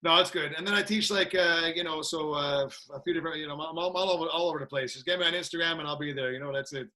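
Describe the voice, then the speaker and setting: Upbeat male guest from Canada, fast and lively, slightly high, bright tone. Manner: upbeat, laughs a lot, repeats "that's it". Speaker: guest, martial arts trainer. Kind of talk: casual chat.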